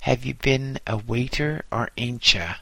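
A man's voice: mid-range voice, unhurried, creaky, sharp tone, no echo, full character voice. A man voicing a brusque, coarse London employment agent. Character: coarse, cigar-chewing London agency man.

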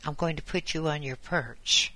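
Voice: mid-range voice, moderate pace, pushed and bright, natural voice. A reader voicing a prim, fussy elderly spinster who talks in fluttery exclamations in an audiobook. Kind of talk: audiobook character voice.

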